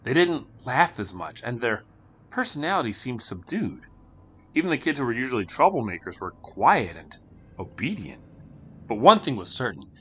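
A man's voice: mid-range voice, big pitch swings, normal speed, pushed and bright, breathy edge. A man narrating a spooky children's story with dramatic, shifting delivery.

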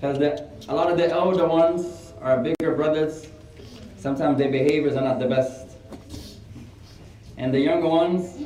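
A man teaching a class, switching between English and Arabic and giving firm, brisk commands to his students. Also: medium pitch, warm tone, slight background noise. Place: large echoey classroom full of students. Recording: echoey room, far mic, chattering students.

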